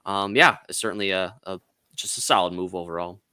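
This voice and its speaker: A man speaking as a guest on a football chat stream, measured and leaning often on "you know". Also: deep voice, bright, forceful tone, smooth, no room sound, studio quality.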